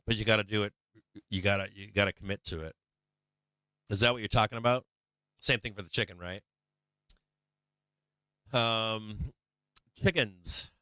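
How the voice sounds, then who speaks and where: Male stream host, low-pitched, forceful and clear, talks loose and swears a lot, dry close sound. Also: no echo. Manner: rambling and profane, answers chat. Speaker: livestream host. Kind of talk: casual livestream chat.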